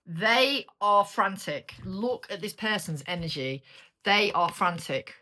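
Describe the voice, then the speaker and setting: British woman, tarot reader, bright forceful tone, blunt and sweary, faint hiss behind. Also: mid-range voice, takes it slowly. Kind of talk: casual tarot reading to camera.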